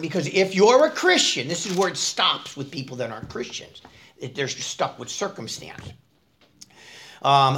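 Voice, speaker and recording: Speaking at a fairly high pitch, a man preaches an informal, chatty sermon. He puts questions to his listeners and moves back and forth between loud emphasis and hushed asides.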